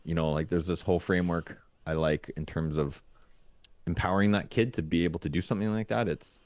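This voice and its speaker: A man's voice: low-pitched, fairly even intonation, brisk, a little mellow, dry recording. A man co-hosting a parenting podcast, thinking aloud in casual chat with lots of fillers and restarts. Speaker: podcast co-host.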